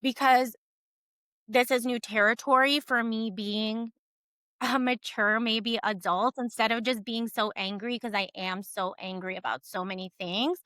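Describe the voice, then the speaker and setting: A woman's voice: a little high, steady tone, a little slow, bright, forceful tone, no echo. A woman co-hosting a casual podcast, talking earnestly and emphatically, with frequent "like" fillers. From Cuban family background. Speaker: podcast co-host.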